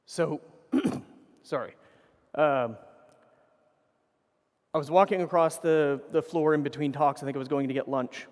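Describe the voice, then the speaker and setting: A man's voice: on the high side, unhurried, long pauses, darkish tone, long reverb tail. A man giving a conference keynote, telling rambling anecdotes full of swearing and self-corrections into a stage microphone. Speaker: keynote speaker.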